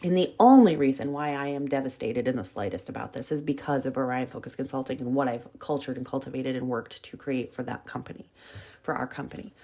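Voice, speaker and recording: This podcast host's voice is very deep and a little mellow. She is getting over a cold and coughs as she talks candidly, swearing freely while telling a story in a relaxed solo monologue.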